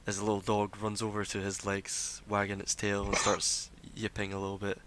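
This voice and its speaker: A man narrating as game master, describing scenes in a relaxed way with fillers. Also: lowish voice, moderate pace, rough recording.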